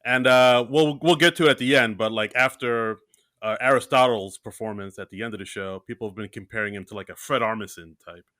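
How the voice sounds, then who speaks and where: Bright male co-host with dry sound. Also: medium pitch, a little fast, no echo. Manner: hesitant, with many fillers. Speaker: podcast co-host. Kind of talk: casual chat.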